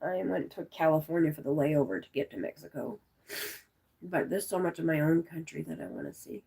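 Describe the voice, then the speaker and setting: Gravelly, husky chatty woman in her forties. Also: low-pitched, fairly even intonation, brisk, mellow. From United States. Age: 40s. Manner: rambling, chatty storytelling, answers viewers' comments. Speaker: vlogger chatting with live viewers. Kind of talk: casual live-stream chat.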